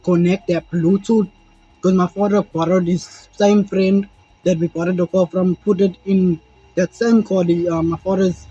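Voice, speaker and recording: High, husky young South African man. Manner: animated, rambling, swears freely, acts out moments. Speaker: vlogger. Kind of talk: casual storytelling to camera. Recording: dull lo-fi sound with faint music.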